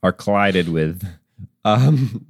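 A man with a low, unhurried voice runs a tabletop game as dungeon master. He rambles along with plenty of ums and chuckles. The sound is dry and close. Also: animated, gravelly, dry recording. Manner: rambling, many ums, laughs at himself. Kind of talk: running a tabletop game, casual.

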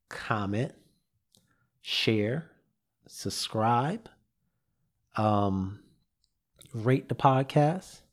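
A man's voice: medium pitch, a little mellow. A man hosting his own podcast, giving a loose, repetitive motivational talk straight to his listeners into a studio mic, a little out of breath. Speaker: podcast host. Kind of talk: casual motivational monologue.

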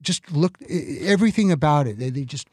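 A man's voice: a little high, animated, quick pace, a little mellow, slightly rough, dry recording, clean studio sound. An older man, a guest guitarist, telling stories with enthusiasm and stumbling over restarts. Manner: enthusiastic, storytelling, stammers on restarts. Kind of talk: casual interview.

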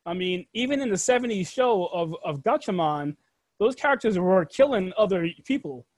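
A man's voice: sits high, expressive, normal speed, no echo. A man in his fifties chatting casually as a podcast guest, chiming in with short remarks. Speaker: guest, host's father or uncle.

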